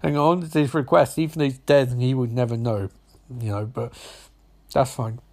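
A man's voice: mid-range voice, fairly even intonation, moderate pace, darkish tone. A man recapping a TV episode in a casual, rambling way, with sarcastic asides and swearing. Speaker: show recapper.

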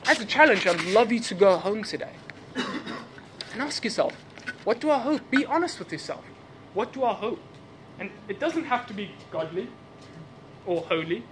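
A man's voice: sits high, lively intonation, moderate pace, long pauses, noisy background. A man preaching a sermon in a church service, with English as his second language, asking repeated questions and laughing at his own asides. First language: not English.

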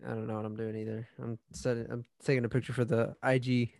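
A man's voice: medium pitch, level tone, fast talker, vocal fry, a little mellow, no room sound, studio quality. A young man hosting a casual podcast chat with friends, laid-back and slangy. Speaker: podcast host.

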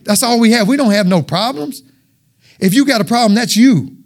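A man's voice: extremely high pitch, expressive, a little fast. A man preaching an informal, joking sermon with call-and-response.

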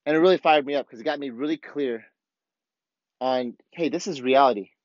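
A man's voice: mid-range voice, fairly quick, no echo, dull audio. A man hosting his own podcast, ranting bluntly and heatedly in a casual monologue full of swearing. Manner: blunt, profane, fired-up ranting. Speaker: podcast host.

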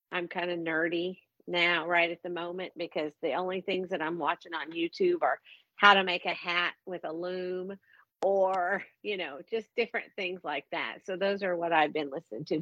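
A woman co-hosting a podcast, chatting in an unhurried, self-deprecating way. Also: fairly low pitch, fairly bright tone, no echo. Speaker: podcast co-host. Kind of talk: casual chat. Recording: dull, dry, lo-fi sound.

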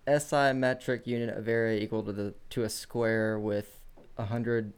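A man's voice: lowish voice, fairly even intonation, moderate pace, over a noisy crowd. A man on a casual podcast who rambles, swears freely and reads out facts. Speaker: podcast co-host.

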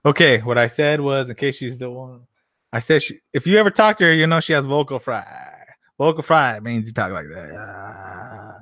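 A man's voice: mid-range voice, expressive, fairly quick, a bit bright, dry recording, studio quality. A young man hosting a livestream, rambling and joking with lots of swearing. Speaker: livestream host. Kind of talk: casual livestream chat.

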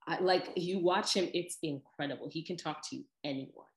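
A woman with a low voice talks in a loose, animated way, jumping between tangents and putting on quick voices. Her voice rings off the walls of a reverberant room. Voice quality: animated, lively with laughs and imitated voices. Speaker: podcast host. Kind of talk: casual chat. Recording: echoey room.

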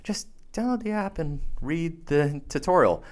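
A man's voice: a little high, expressive, unhurried. A man appearing as a guest in a casual studio conversation, jumping in eagerly to offer his own ideas. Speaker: guest, radio talk show host.

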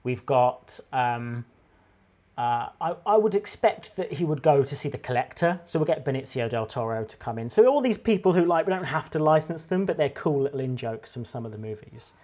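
A man in a casual podcast chat, pitching a game idea in a rambling, enthusiastic way with many restarts. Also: animated, normal speed, darkish tone. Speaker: podcast co-host.

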